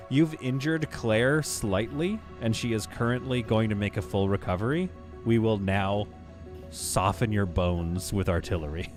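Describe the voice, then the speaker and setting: A man streaming a game live, chatting casually, laughing often and reading viewer comments aloud. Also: fairly low pitch.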